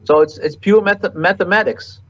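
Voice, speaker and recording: A man being interviewed as a market cycle analyst, answering in halting sentences with repeated words and many fillers. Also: high-pitched, fairly bright tone, muffled recording.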